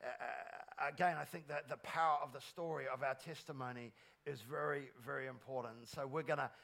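Gravelly-voiced enthusiastic male pastor. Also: mid-range voice, fairly even intonation, fairly quick, pushed and bright. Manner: enthusiastic, rallies the congregation. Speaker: pastor hosting a church interview. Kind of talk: lively church stage hosting. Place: church auditorium. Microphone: handheld microphone.

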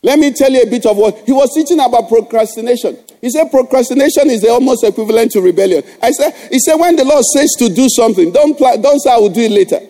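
A man's voice: very high voice, animated, fast, few pauses, warm tone. A middle-aged male pastor preaching a sermon, exhorting the congregation with rhetorical questions.

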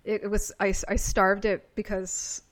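A woman's voice: medium pitch, flat delivery. A woman co-hosting a podcast, chatting casually with short, playful reactions. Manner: playful, quick quips and reactions. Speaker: podcast co-host. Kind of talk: casual chat.

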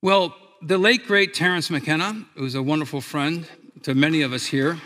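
A man giving a talk to an audience, an animated storyteller who acts out the voices in his own stories. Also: on the high side, normal speed. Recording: long hall reverb.

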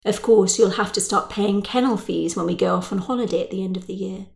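A woman doing a brisk, scheming friend. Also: medium pitch, creaky, a little mellow, roomy sound, natural voice. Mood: coaxing.

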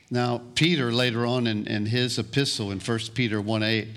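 A man preaching a sermon as pastor, deliberate and prone to repeating words as he restarts phrases. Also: medium pitch, steady tone.

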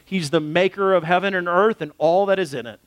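A man preaching a sermon as pastor in a casual, animated way, acting out quotes as he goes. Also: sits high, a little fast, dry recording.

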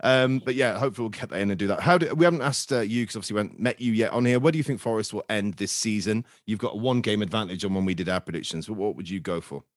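A man's voice: fairly low pitch, no echo, studio quality. A man hosting a casual football fan podcast, joking, swearing and bantering with his guests. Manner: jokey, swears, quick banter. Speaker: podcast host.

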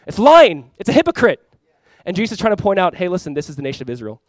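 A man's voice: high voice, big pitch swings, quick pace, no echo. A man preaching a sermon as pastor, reading scripture with rising emphasis and breaking into conversational asides and jokes.

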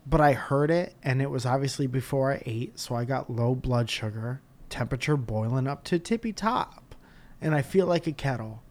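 A man hosting a podcast, telling stories in a casual, animated way full of swearing and jokes. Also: mid-range voice, normal speed. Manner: animated storytelling, profane and jokey. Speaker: podcast host. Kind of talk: casual chat.

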